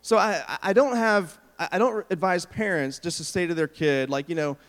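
Animated preaching man in a hall. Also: sits high, fairly quick. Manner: storytelling, animated, acts out quotes. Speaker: pastor. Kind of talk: sermon. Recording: long hall reverb.

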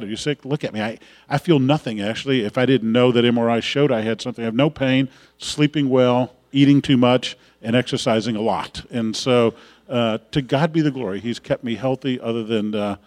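A man's voice: medium pitch, in a large hall. Chatty man addressing a congregation. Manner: folksy, warm-hearted chatter with frequent uh fillers. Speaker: pastor. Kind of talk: church announcements and prayer.

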